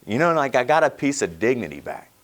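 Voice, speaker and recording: Man giving a personal testimony, lively telling, frequent laughs, restarts mid-sentence. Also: medium pitch, fast. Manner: animated, laughs often, many restarts. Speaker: speaker sharing his recovery story. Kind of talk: personal storytelling talk.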